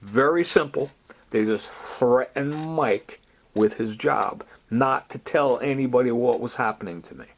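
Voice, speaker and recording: Speaking unhurriedly in a mid-range voice, a man rambles through a long story of personal grievances. He sounds agitated and keeps quoting other people's words in this recorded monologue.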